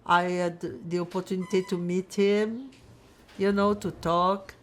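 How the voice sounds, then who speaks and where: An older woman from France giving oral history testimony, reflective and halting, with many fillers as she searches for words. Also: fairly low pitch, fairly even intonation, a little hiss or hum. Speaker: Holocaust survivor interviewee.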